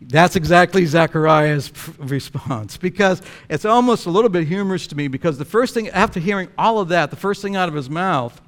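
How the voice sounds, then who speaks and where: A male pastor preaching a sermon, telling a story in an animated way and chuckling often. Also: high-pitched, brisk, few pauses.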